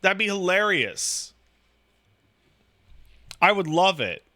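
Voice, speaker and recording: A man in loose casual chat, talking in a slightly raised register with a bright, forceful edge. He rambles and swears freely, leaning on "like" as he acts out the voices in his stories. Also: high voice, slow pace. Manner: profane, rambling, animated storytelling with acted-out quotes; filler-heavy, says "like" constantly.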